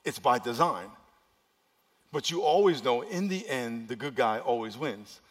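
A man preaching a sermon as pastor, swinging between loud urgent passages and quiet, hushed ones. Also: medium pitch, lively intonation, unhurried. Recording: long reverb of a large hall.

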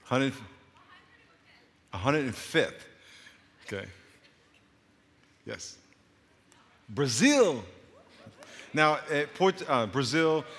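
A middle-aged pastor originally from Long Island, New York, jokes and teases as he greets the crowd in a large church auditorium. Very animated and fairly bright, his slightly high voice moves extremely slowly, pausing often. Slight background noise and large-hall reverberation are present.

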